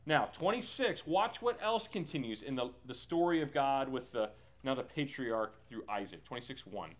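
A man's voice: mid-range voice, expressive, moderate pace. A man leading a Bible study in a casual, talkative way, with many fillers and restarts. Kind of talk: casual teaching.

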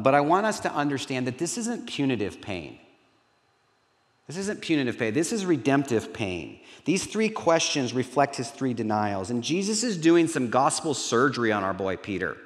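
A middle-aged man, a pastor, preaching a sermon in an earnest way that turns lively when he acts out dialogue. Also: medium pitch. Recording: reverberant hall.

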